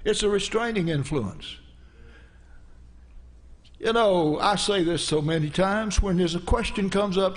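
A man's voice: a little high, expressive, normal speed. A male pastor preaching a sermon in a church, telling stories in a folksy way and dropping in frequent amens. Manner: folksy storytelling, peppered with "amen".

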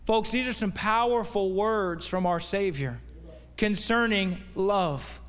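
A man's voice: high-pitched, slow pace, fairly bright tone, big-room sound. A man preaching as a guest preacher, delivering a folksy, conversational sermon full of rhetorical questions. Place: church sanctuary.

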